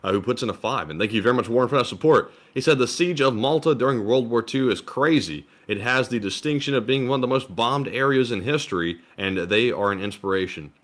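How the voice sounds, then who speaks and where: A man co-hosting a live stream, reading viewer questions aloud in a steady, announcing way and chatting casually. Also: mid-range voice, fairly quick, few pauses. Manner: reads super chats aloud in a steady, announcing way.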